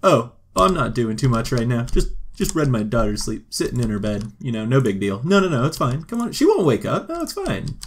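Man doing a flirty smooth-talker, animated, faint hiss behind. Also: medium pitch, brisk, hardly any pauses.

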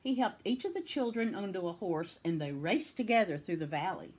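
A woman from Tennessee reading a children's picture book aloud with expressive storytelling. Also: on the low side, fairly quick, husky.

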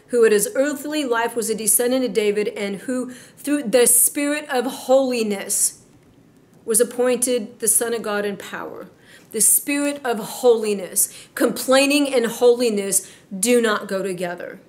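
A woman preaching a sermon in an emphatic, exhorting way, slowing down to stress her points. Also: fairly high pitch.

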